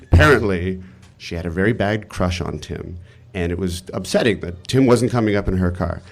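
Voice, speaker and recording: A man telling a personal story live on stage, animated and exasperated, swearing freely. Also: low voice, moderate pace, gravelly.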